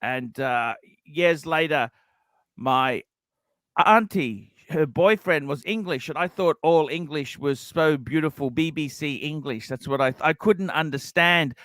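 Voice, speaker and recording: A man's voice: fairly high pitch, measured pace, fairly bright tone, dry recording. A man hosting a casual livestream, reading out donations and rambling with many restarts. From Australia. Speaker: livestream host.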